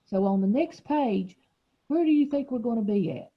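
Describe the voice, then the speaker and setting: A woman's voice: on the high side, expressive, normal speed, breathy edge, highs cut off. A woman teacher leading a reading lesson for young children, explaining patiently and encouraging them.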